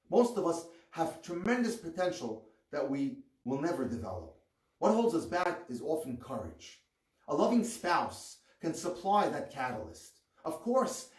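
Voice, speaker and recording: A man giving an earnest rabbi's lecture on marriage, reading with expressive rises on key words. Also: a little high. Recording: echoey room, far from the mic.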